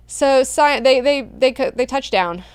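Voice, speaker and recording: A woman's voice: high-pitched, unhurried, clean tone, no echo. A woman hosting a book club, recapping chapters in a slangy, profane, chatty way.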